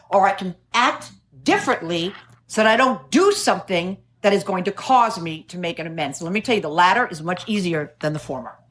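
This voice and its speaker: Middle-aged New woman, recovery meeting speaker, wry self-mocking storyteller, laughs easily, medium pitch. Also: fairly bright tone. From New York City.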